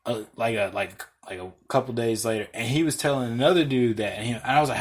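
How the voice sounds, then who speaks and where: A podcast host telling a long story in casual, profane talk, acting out the lines of the people in it. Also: male voice, medium pitch, fast, hardly any pauses. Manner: profane, animated, reenacts dialogue.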